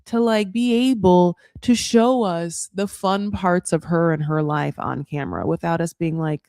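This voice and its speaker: A woman's voice: fairly low pitch, a little slow, darkish tone, no room sound, clean studio sound. A woman hosting a reality-TV recap who talks in candid, profane, gossipy casual commentary, filled with "like".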